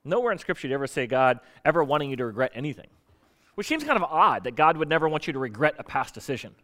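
A man delivers a sermon in a loose, conversational way, with a slightly higher voice than most men. He keeps it casual and animated and slips into little voices to act out dialogue. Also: very fast. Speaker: pastor.

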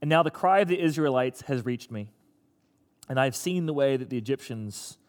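A man's voice: mid-range voice, expressive, normal speed, in a large hall. A man preaching a sermon to his church in a conversational, teasing way. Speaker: pastor.

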